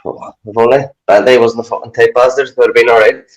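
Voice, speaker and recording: A man's voice: mid-range voice, fairly even intonation, fast, poor audio. A man, a former boxer turned strength coach, chatting casually as a guest, rambling and swearing a lot as he acts out his own inner talk. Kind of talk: casual chat.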